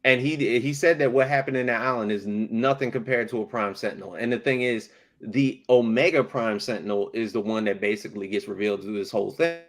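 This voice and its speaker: A man's voice: fairly low pitch, fairly even intonation, fairly quick, few pauses. A man co-hosting a casual podcast, recapping a cartoon episode with profanity and acting out the characters' lines. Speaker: podcast co-host.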